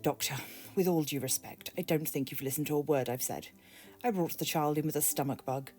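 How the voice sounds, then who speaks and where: Brief: controlling middle-aged mother, crisp and dismissive, read by a British woman, dark voice. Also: low-pitched, fairly quick, soft background music, close to an everyday voice.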